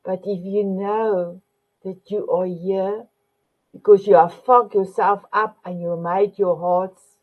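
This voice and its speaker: With a steady tone and a slow pace, a woman in a mid-range voice hosts a motivational talk show. Warm and affectionate, she repeatedly calls her viewers "my beautiful ones," and the sound quality is dull and lo-fi.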